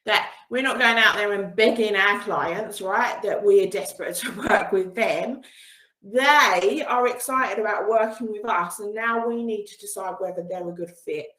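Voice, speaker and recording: A woman's voice: medium pitch, measured pace, sharp tone, reverberant, poor audio. A woman running an online coaching session over a video call, upbeat and encouraging, with frequent laughs. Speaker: business coach. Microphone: video call with screen sharing.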